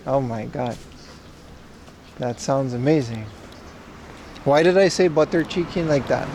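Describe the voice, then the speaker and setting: A man's voice: medium pitch, unhurried, pauses often, noisy background. A man livestreaming as he walks outside, chatting and joking with his viewers. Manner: chatty, joking, talks to chat. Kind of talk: casual IRL stream chat. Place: outdoors on a street.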